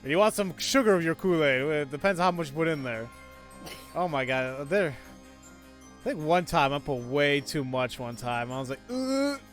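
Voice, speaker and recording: A man chatting casually and reading game text aloud during a playthrough, rambling and animated. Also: fairly high pitch, normal speed. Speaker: streamer. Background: game music.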